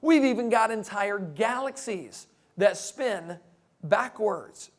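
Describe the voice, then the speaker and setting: A man's voice: sits high, takes it slowly. A man giving a humorous talk to a live audience, full of jokes and playful asides. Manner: joking, animated, playful asides. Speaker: creationist speaker.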